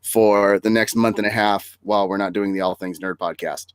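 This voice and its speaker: A man's voice: fairly low pitch, steady tone, normal speed, clean tone, dry recording. Chatty male podcast host, dry sound. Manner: chatty, laughs often, loose restarts. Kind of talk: casual podcast chat.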